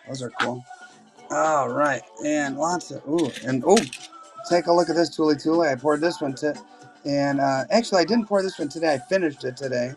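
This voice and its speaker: A man hosting a live coin auction stream, talking casually and exclaiming excitedly over silver coins. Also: on the high side, moderate pace, music in the background. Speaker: livestream auction host.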